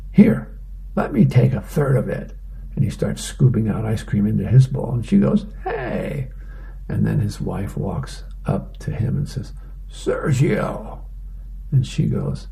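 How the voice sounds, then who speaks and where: A man reading the newspaper aloud in a plain, unhurried way for a reading program. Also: lowish voice, gravelly, dark tone.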